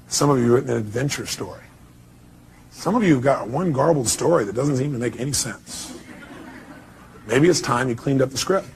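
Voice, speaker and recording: A man's voice: mid-range voice, vocal fry, a little hiss or hum. Emphatic man quizzing a seminar audience. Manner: emphatic, fires rhetorical questions at the crowd. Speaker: motivational speaker. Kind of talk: seminar talk to a live audience.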